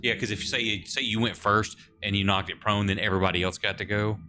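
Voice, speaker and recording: A man with a very deep voice runs a tabletop game as game master. He rambles through rules and scene setups with lots of fillers, with clear music playing underneath. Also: fairly even intonation, a little fast, pushed and bright. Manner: loose, rambling rule explanations with fillers.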